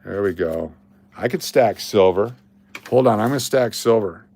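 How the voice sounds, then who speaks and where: A man's voice: fairly low pitch, lively intonation, normal speed, darkish tone. A man hosting a coin roll hunting livestream, rambling, joking and answering his chat as he works. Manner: rambling, jokey, talks to chat.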